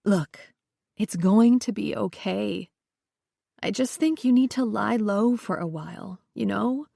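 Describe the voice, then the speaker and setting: A woman narrator voicing an anxious social worker friend who talks softly and placatingly, recorded dry and close. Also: medium pitch, slow pace, vocal fry, dry recording, heavily acted. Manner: soft, hedging and placating.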